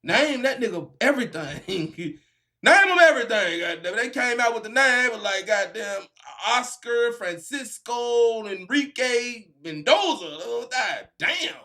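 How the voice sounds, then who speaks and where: Man, very high bright voice, casual reaction talk, profane slang, animated. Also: normal speed. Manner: animated, laughing, profane slang, bursts of shouting. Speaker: reaction video host.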